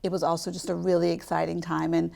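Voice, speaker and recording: Gravelly-voiced woman with a light Southern drawl. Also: lowish voice, level tone, a little mellow. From Louisville, Kentucky. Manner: measured, reflective, with frequent "um" pauses. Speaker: guest, nonprofit chief executive. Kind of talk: TV studio interview.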